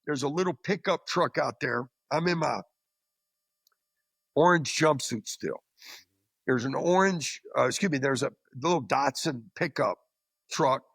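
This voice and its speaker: A man's voice: mid-range voice, a little slow, pauses often, a bit bright, breathy edge, no echo, clean studio sound. A man as an interview guest, recounting a story in a casual, anecdotal way and often repeating words as he goes. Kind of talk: storytelling in conversation.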